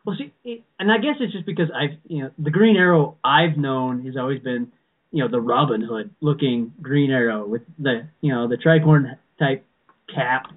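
This podcast co-host has a mid-range voice and an unhurried, moderate pace as he chats casually about being a fan. He rambles, often starting over and dropping in "you know." The sound is tinny, almost like a phone line.

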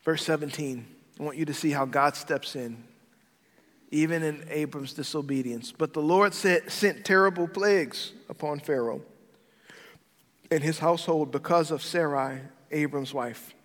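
A man, a pastor, preaching an emphatic sermon that swings between loud and quiet. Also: fairly high pitch, moderate pace. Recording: long hall reverb with soft background music.

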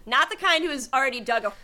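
A young adult woman co-hosting a podcast, gushing in casual chat about a movie she loved as a child and breaking into bits of song. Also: high voice. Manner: gushing, animated, bursts into sung snippets. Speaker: podcast co-host.

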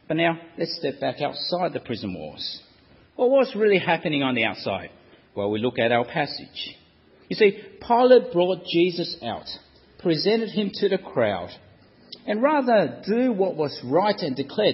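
A man preaching a sermon, telling the story dramatically and acting out the crowd's shouts. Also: a little high, sing-song, normal speed, husky, in a large hall, highs cut off.

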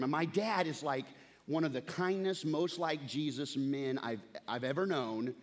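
A man's voice: a little high, normal speed. Conversational man preaching a sermon. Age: 30s. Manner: conversational, storytelling, humorous. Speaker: pastor.

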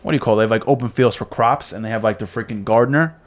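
A man's voice: on the low side, rapid-fire. A man co-hosting a podcast in casual chat, telling a story with a New York accent and acting out what people said. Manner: animated storyteller, acts out quotes. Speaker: podcast co-host.

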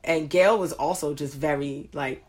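A woman telling a story in casual chat, acting out quotes with big jumps in pitch and laughing often. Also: moderate pace.

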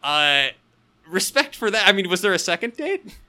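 Male podcast co-host, lively and bright, quick to laugh. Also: high-pitched. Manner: animated, laughs easily, playful riffing. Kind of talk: casual chat.

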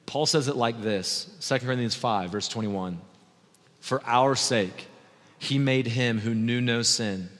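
Male preacher, thirties, passionate sermon, soft-to-loud swings, echoing sanctuary. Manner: impassioned, swings from soft and slow to loud and high. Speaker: pastor.

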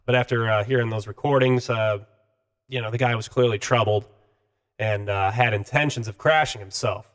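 A man chatting on a podcast in an easygoing, profane manner. He drifts through stories with frequent "uh" fillers and mid-range pitch. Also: steady tone, normal speed, a bit bright, clear, resonant tone. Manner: laid-back, profane, filler-heavy. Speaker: podcast co-host. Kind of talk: casual chat.

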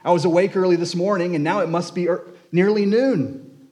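A man voicing a gentle male hobbit with a light teasing tone, reading a novel aloud in a sermon. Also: sits high, a little fast, pitched above the performer's own voice, natural voice.

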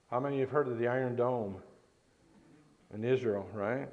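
A man's voice: mid-range voice, moderate pace, a little mellow, muffled recording. Man preaching a conversational sermon. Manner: conversational, asks the congregation questions. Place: church.

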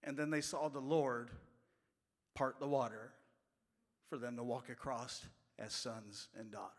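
Folksy preacher in echoing hall. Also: male voice, medium pitch, fairly even intonation, a little slow. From West Virginia. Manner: folksy storytelling, swings from loud to hushed. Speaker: pastor. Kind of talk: sermon. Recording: long hall reverb.

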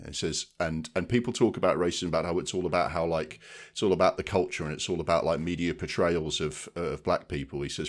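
A man with a deep, low-pitched voice talks casually as a podcast co-host. He rambles a little and keeps checking in with his listener. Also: fast talker, hardly any pauses. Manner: chatty, frequent "do you know what I mean". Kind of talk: casual chat.

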